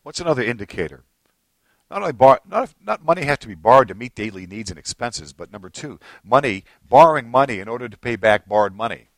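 Animated gravelly-voiced male preacher. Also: fast talker, no room sound. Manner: animated, jumps between low asides and high excited bursts, acts out little scenes. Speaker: pastor. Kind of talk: sermon.

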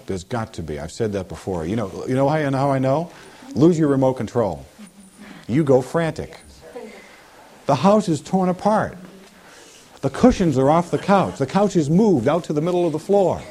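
A man preaching a sermon in an animated way, with humorous asides. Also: mid-range voice, moderate pace.

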